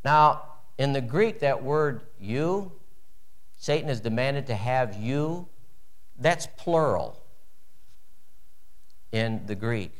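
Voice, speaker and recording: Animated preaching man, fairly high voice. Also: a little slow, pauses often. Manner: animated preaching with wide swings in pitch and volume. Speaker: pastor. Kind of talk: sermon.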